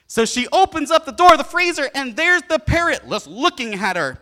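A middle-aged male pastor giving an animated sermon, telling stories and asking the congregation questions. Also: very high voice, fairly quick.

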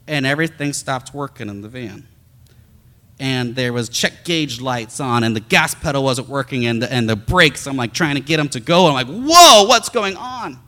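A man, a pastor, telling a story in a sermon as an animated storyteller who acts out the sounds. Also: medium pitch, normal speed, in a large hall.

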